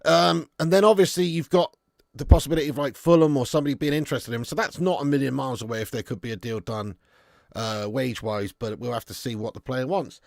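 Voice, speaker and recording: This fan channel host reads his livestream chat quickly in a mid-range, darkish voice with vocal fry. He's blunt and jokey, swears freely, and calls viewers mate and lad throughout the casual banter. The studio-quality recording has no echo.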